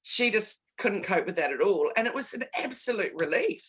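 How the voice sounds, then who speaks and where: A woman's voice: mid-range voice, lively intonation, normal speed, heavy background noise. A woman consultant talking candidly in a casual conversation, stressing points by repeating words. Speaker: guest and business consultant.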